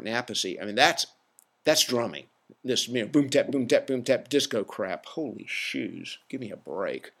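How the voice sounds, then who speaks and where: A man's voice: lowish voice, fairly bright tone. A man hosting a podcast alone, giving an opinionated, rambling rant in a casual, self-aware way. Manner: opinionated, ranting, self-deprecating. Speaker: podcast host. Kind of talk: casual solo monologue.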